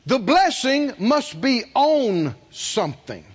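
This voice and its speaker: Lively high-voiced man preaching. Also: takes it slowly, slightly rough. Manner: animated, acts out the people he quotes, asks the congregation questions. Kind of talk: sermon. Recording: dull lo-fi sermon recording.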